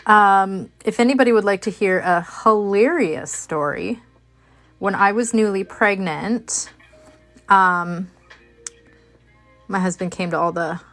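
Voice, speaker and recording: A woman's voice: medium pitch, slow, long pauses, a bit bright, soft background music. A woman hosting a crafting video, chatting casually while she works, rambling with lots of fillers and restarts. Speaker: crafting channel host.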